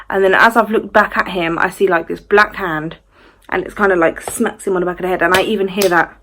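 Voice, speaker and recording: A young woman, casually telling a personal ghost story to her channel, full of "like" and animated retelling. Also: medium pitch, quick pace. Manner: chatty, fillers of "like", animated retelling. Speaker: vlogger.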